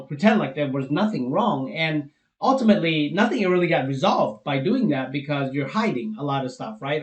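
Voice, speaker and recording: A man's voice: on the high side, roomy sound, rough recording. A man co-hosting, encouraging and conversational as he gives marriage advice. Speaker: co-host. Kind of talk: advice talk for couples.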